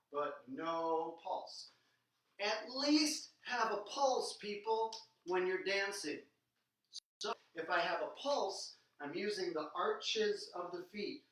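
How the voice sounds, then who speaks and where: A man with a bright, forceful voice teaches a dance lesson in an echoey room. He coaches energetically and counts out the beats while dancing, a little out of breath at times. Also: sits high. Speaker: swing dance instructor. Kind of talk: live online dance lesson.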